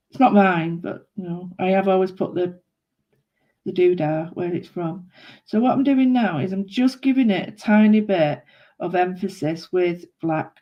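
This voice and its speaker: A woman's voice: medium pitch, mellow, dull audio. A woman talks her viewers through a doodling project in a loose, rambling way. She thinks aloud, changes her mind mid-sentence and keeps up a friendly running chat as she works. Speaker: craft vlogger. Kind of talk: casual chat while doodling.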